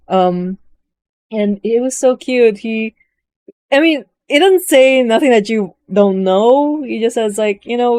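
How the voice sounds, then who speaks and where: A woman giving a casual, rambling recap of a video game, chatty and animated, often slipping into quick voices for the characters. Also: on the high side, dry recording. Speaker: gaming vlogger.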